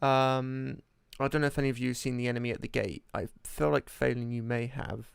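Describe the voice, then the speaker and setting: A man in casual podcast chat, hesitant and halting, with many ums as he searches for examples. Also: mid-range voice, steady tone, vocal fry, clear, resonant tone, no room sound, studio quality.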